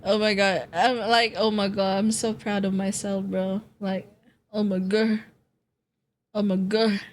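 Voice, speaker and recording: A woman streams casually as a VTuber, chatting with her viewers and friends while setting up a game, laughing often, repeating phrases and swearing freely. Her mid-range voice has a level tone and a slightly slow pace, with slight background noise in this casual live-stream chat.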